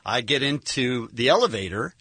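A man's voice: mid-range voice, lively intonation, normal speed, pushed and bright. A man casually telling a funny story with comic exaggeration on a chat show.

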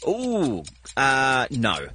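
Laughing New man, very lively pitch. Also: drawn-out words, slightly rough. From New Zealand. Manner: laughing often, animated, jumps between low and high. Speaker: guest comedian. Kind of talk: casual chat on a talk show.

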